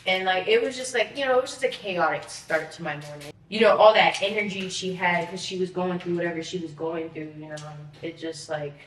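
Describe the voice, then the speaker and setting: A young woman in her twenties rambles through a casual vlog in her apartment, her low-ish voice fairly quick with hardly any pauses. She's scattered and frantic, swearing and filling gaps with "like." The room is echoey with faint noise.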